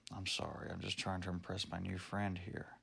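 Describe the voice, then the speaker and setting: Guy doing a sheepish baboon pal, low gravelly voice, chummy and sorry-sounding. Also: completely flat delivery, normal speed, pushed and bright, heavily acted. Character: male baboon named Jim, sheepish bar regular.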